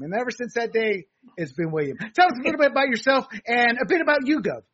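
High-voiced husky man hosting a talk show. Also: expressive, fast talker, fairly bright tone, highs cut off. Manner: opinionated, lecturing, many fillers. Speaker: host. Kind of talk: political talk show monologue.

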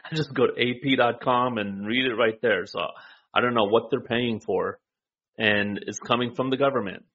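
A man with a mid-pitched voice chats in an easygoing, joking manner on a political talk show. His recording sounds dull and lo-fi. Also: fairly even intonation, moderate pace.

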